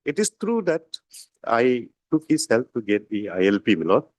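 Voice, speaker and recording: Over a video call, a male defence lawyer argues in court, deferential and hesitant, using fillers and calling the judge "my lord" again and again. His mid-range voice swings widely in pitch at a moderate pace, and the low-quality recording has no room sound.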